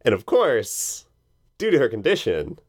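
A man playing a tabletop game, voicing his doctor character in a measured, stately way. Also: mid-range voice, huge pitch swings, darkish tone. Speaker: player.

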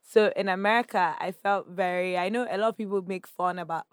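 A woman's voice: mid-range voice, steady tone, brisk, smooth, no room sound, clean studio sound. A young Nigerian woman in her twenties, a podcast guest chatting casually with many "like" fillers. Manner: chatty, lots of "like" fillers, laughs often. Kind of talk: casual interview chat.

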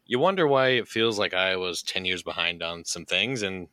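Podcast co-host, man, very deep but bright voice, jokey, dry close sound. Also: expressive, no echo. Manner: jokey, laughs often, quick asides. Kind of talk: casual chat.

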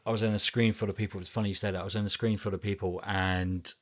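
Very deep-voiced guy gushing about a film, casual chat, trips over his words. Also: little pitch movement, fast talker. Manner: enthusiastic, stumbling restarts. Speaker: film podcast co-host.

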